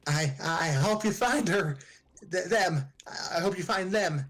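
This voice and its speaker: A man voicing an excitable, starstruck young woman trainer who squeaks, gushes and stammers. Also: moderate pace, faint music behind, natural voice. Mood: flustered.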